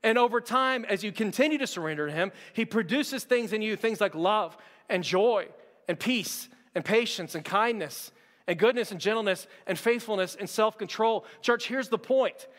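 A man's voice: high-pitched, normal speed, a bit bright, long reverb tail. A pastor preaching a sermon to his church in a conversational, emphatic way, with repeated words and casual fillers.

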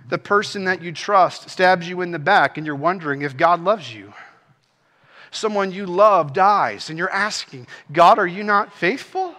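A man's voice: high-pitched, pushed and bright, in a large hall. A man preaching an earnest sermon as pastor, rising into impassioned pleas.

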